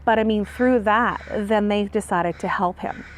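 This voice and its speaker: A woman's voice: medium pitch, measured pace, a little hiss or hum. A mother being interviewed for a documentary, talking through her son's schooling and getting emotional as she recalls it. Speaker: parent of a student.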